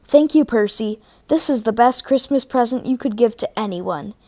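A fretful, kindly vicar who frets and exclaims, pitched a touch high and raised in volume, as a woman reading aloud acts him out. A gentle storybook character voice. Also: lively intonation, moderate pace. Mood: grateful. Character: flustered kindly male village vicar.

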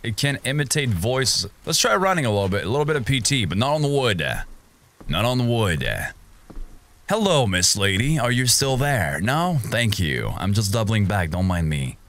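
A young man narrates his horror game run in a bright, ringing voice that swings widely up and down. He talks to himself the whole way through and yelps and gasps whenever something jumps out at him. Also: mid-range voice, sing-song, moderate pace. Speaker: gaming streamer. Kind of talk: horror game playthrough commentary.

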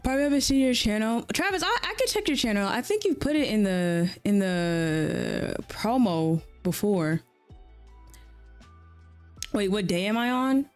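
A woman's voice: medium pitch, sing-song, a little slow, faint music behind. A woman streaming a farming game, chatting playfully and answering her viewers as she plays. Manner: playful, chatty, reacts aloud and answers chat. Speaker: gaming streamer. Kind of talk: casual live-stream chat while playing.

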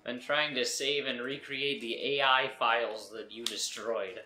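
Brief: deadpan male co-host, bright voice, room echo. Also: medium pitch, a little slow, faint music behind. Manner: dry straight man. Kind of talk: comedy sketch banter.

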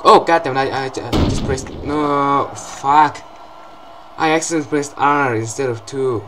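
A young man giving excitable gameplay commentary, swearing often and breaking into loud outbursts and laughs. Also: medium pitch, moderate pace, background noise.

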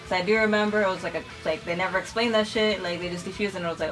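A young woman hosting a casual reaction video, talking excitedly, swearing freely and saying "like" a lot. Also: lowish voice, fast, few pauses, music in the background, rough recording. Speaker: reaction channel host. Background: anime episode audio playing.

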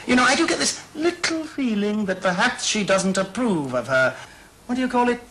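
An actor playing a clumsy, flustered son-in-law who makes dry, sarcastic asides. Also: male voice, high voice, big pitch swings, normal speed, a bit bright, poor audio. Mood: flustered wry. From England. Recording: sitcom studio with audience laughter.

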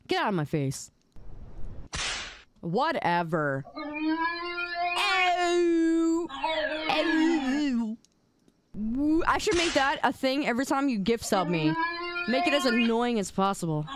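A woman's voice: a little high, sing-song, slow, pauses often, noisy background. A woman streaming, chatting casually and reacting to memes with playful, mock-indignant whining and teasing.

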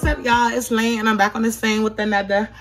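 Excited chatty woman vlogging from her kitchen. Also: fairly high pitch, a little fast, loud music behind the voice. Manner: excited, chatty, says "y'all" often. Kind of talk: casual vlog. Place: home kitchen.

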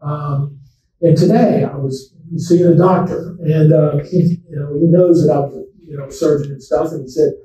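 A man's voice: a little high, steady tone, normal speed, mellow. A man, a memory doctor giving a conversational talk to older people, telling folksy stories and speaking directly to his audience. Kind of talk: conversational public talk to seniors. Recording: echoey room, distant from the mic.

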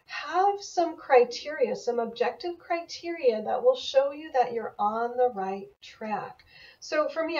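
A middle-aged woman, an animal communicator, telling a student story in an enthusiastic, animated mentoring talk. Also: sits high. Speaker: animal communicator teaching a class. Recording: dull, lo-fi audio from a distance.

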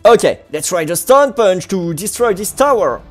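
A gaming host, commentating Minecraft gameplay in an excitable way, exclaiming and laughing often. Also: mid-range voice, normal speed, faint music behind.

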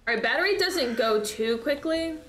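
Playing a horror game on stream, a young woman chats casually, cursing and letting out shrieks of laughter whenever she's frightened. Her voice sits high, expressive and fairly bright, at normal speed. The room is echoey with faint noise.

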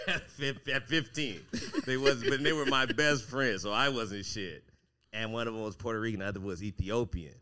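A man who is a comedian, co-hosting a casual podcast chat and telling laid-back stories that drop into low murmurs. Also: normal speed, pushed and bright.

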